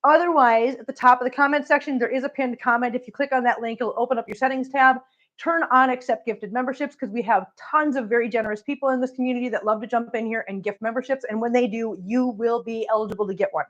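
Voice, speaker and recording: A middle-aged woman rambles casually to her cats and her live chat as she works, her voice sitting a touch high. She sounds a little out of breath. The stream audio is dull and lo-fi. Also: fairly even intonation, fast talker, fairly bright tone. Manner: chatty, talks to her cats and chat viewers. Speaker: cat channel vlogger. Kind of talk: casual livestream chat while cleaning.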